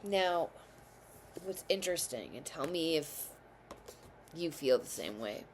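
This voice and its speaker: A woman's voice: deep voice, expressive, takes it slowly, slight background noise. A woman hosting her own tarot channel, talking to viewers in a meandering, self-correcting way while she has the hiccups. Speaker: tarot reader and channel host. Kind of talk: casual tarot reading to camera.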